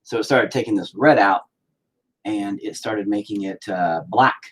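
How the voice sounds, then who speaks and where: Husky, foul-mouthed man painting. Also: lowish voice, a little slow, a bit bright. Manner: profane, self-deprecating rambling. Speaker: painting vlogger. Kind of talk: casual commentary while painting.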